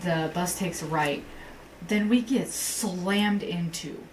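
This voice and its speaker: A woman's voice: on the low side, slow. A woman co-hosting a podcast, telling a story in casual chat and acting out the people in it. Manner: animated storyteller, acts out quotes, swears. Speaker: podcast co-host. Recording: distant mic with faint hiss.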